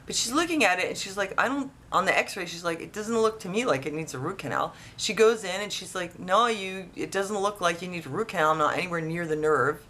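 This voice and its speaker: A woman in her thirties telling a personal story to camera in a casual, animated way, acting out what people said to her. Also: fairly low pitch, brisk, few pauses. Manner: animated, acts out quoted dialogue in her retelling. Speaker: vlogger.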